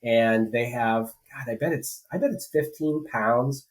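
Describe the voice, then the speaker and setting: Recorded roughly at a rural home, a man with a medium-pitched, unhurried voice co-hosts a political podcast. He talks casually and meanders, with lots of fillers and restarts.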